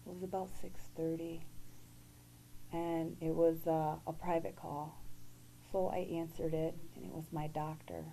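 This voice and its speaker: A woman guest giving an earnest, halting personal testimony. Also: low-pitched, level tone, creaky, dark tone, slight background noise, rough recording.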